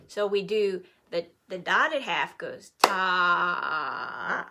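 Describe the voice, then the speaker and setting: A middle-aged woman teaching an online music lesson to children, playful and animated, cheering the class on. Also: on the low side, very slow, noisy background.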